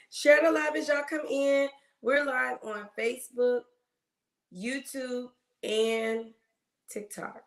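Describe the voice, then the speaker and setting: Speaking slowly in a high, steady voice, a nurse chats on her relaxed livestream and welcomes viewers by name. She's coughing, and the audio carries a roomy echo.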